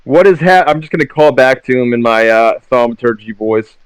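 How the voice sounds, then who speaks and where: A man chats casually as a player at a tabletop game, correcting himself. His voice is smooth and resonant. The sound is close and dry. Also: medium pitch, expressive, fairly quick, dry recording, poor audio. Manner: laughing, self-correcting.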